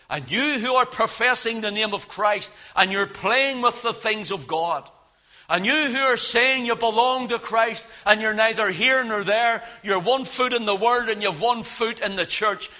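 Man, preacher, fervent sermon, high voice, bright forceful tone. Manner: fervent preaching that swings between hushed and loud.

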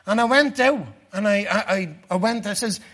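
An Irish man giving a personal testimony sermon to a church gathering, earnest, dropping low and slow for the dark parts. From Ireland.

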